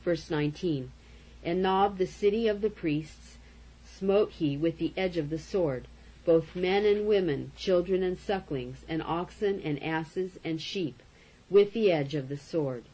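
A woman reading Bible verses aloud in a steady manner, calling out each verse number and even the punctuation marks. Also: fairly low pitch, measured pace, breathy edge, rough recording. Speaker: scripture reader.

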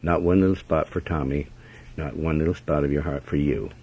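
Blunt low-voiced male preacher, lo-fi. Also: fairly even intonation, brisk, mellow, slightly rough. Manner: blunt, scolding, repetitive emphasis. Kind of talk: sermon commentary. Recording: dull lo-fi recording.

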